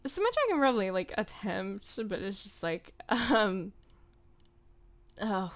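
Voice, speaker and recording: Giggly young woman streamer, lively pitch. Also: measured pace, long pauses. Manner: giggly, self-deprecating, chatty. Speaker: voice actor streamer. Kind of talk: casual livestream chat. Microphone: streaming microphone.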